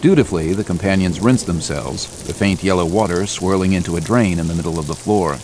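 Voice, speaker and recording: A man with a very low voice narrates an action story. His delivery is steady and measured, and a faint ambient hum sits under the recording. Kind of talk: audiobook narration.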